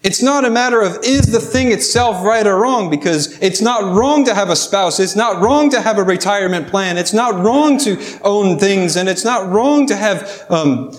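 A man's voice: high-pitched, lively intonation, moderate pace, few pauses. A man preaching a sermon, telling a fable and then pressing his listeners with rhetorical questions. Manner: storytelling, rhetorical questions to the congregation.

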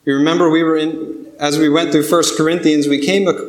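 A man's voice: on the high side, little pitch movement, fairly quick. A man preaching a sermon, earnest and building to pleading intensity. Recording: echoey room.

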